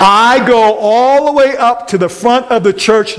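Animated preacher in a reverberant church. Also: male voice, very high-pitched. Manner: animated, rises and slows for emphasis, asks the congregation questions. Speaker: pastor. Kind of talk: sermon storytelling. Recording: long hall reverb, faint hiss.

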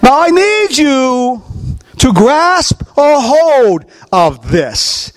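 A man preaching a sermon, animated and questioning his congregation as he acts out scenes. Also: very high-pitched, extremely slow. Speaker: pastor.

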